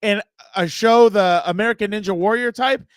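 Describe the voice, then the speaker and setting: High-voiced ranting man. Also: normal speed, clear, resonant tone, no echo. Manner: opinionated, ranting. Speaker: sports show co-host. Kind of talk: casual sports chat.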